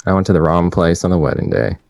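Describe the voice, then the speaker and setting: Male actor as a deep-voiced, dim newlywed guest; slow, earnest, halting delivery. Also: lively intonation, creaky, a little mellow, dry recording. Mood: sheepish. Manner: speaks slowly with halting restarts. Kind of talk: improvised comedy.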